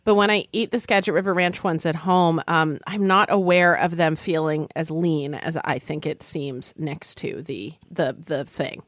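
A woman in her thirties chatting casually while tasting food, animated and opinionated, with quick asides. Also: sits low, dry recording, clean studio sound.

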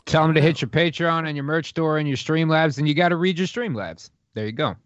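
A man's voice: fairly high pitch, brisk, no room sound, lo-fi sound. A man guesting on a podcast, bantering with crude, provocative jokes. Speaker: show guest. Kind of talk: casual chat.

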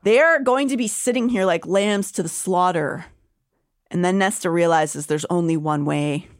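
Low-voiced woman recapping a book. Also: normal speed, no room sound, studio quality. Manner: summarizes the plot in a storytelling way, gasps for drama. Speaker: podcast co-host. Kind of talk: casual book discussion and recap.

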